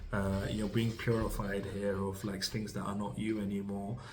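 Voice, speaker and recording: Tarot reader, male, low monotone voice, rambling delivery full of "like" and "you know", reassuring. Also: normal speed, rough recording. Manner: rambling, full of fillers and restarts; reassuring, speaks directly to the listener. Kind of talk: tarot reading to camera.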